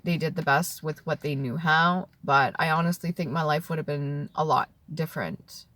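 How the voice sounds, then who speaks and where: A woman in her thirties telling an emotional personal story to the camera, tearful and heartfelt, dropping at times to a soft whisper. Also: deep voice, dry recording. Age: 30s. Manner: tearful and heartfelt, drifting between soft whispers and earnest talk. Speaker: vlogger.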